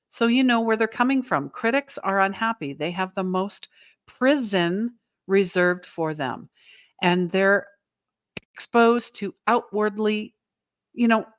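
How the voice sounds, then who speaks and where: Woman, motivational talk, earnest, emphatic, mid pitch, dry close sound. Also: no room sound. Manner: earnest and emphatic, asks listeners "right?". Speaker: self-help channel host.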